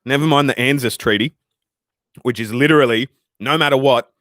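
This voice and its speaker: A man's voice: medium pitch, fairly quick, no room sound, clean studio sound. A young Australian man chatting casually on a livestream, swearing often and rambling between chat comments. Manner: profane, rambling, animated. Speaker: livestream host reading chat.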